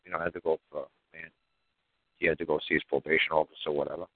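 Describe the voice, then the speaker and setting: A low-voiced man rattles along quickly, blunt and profane, leaning on "you know". His voice is dry and tinny, like a phone line. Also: level tone, dry recording. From New York. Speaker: podcast guest. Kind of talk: casual storytelling.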